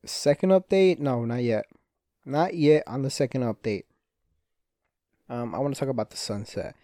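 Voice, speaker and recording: There's no room sound in this clean studio recording of a young man with a dark, medium-pitched voice at a moderate pace. Alone on his casual podcast, he rambles, curses freely, and often breaks off mid-thought, restless and with an injured hand.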